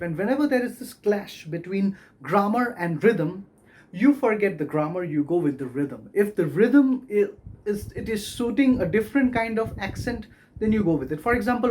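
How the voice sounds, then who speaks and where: Slow patient teacher going over poem meter, mid pitched, counts the beats out loud. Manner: patient, explanatory, scans verse aloud stressing beats. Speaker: literature lecturer. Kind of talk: recorded video lecture on poetry.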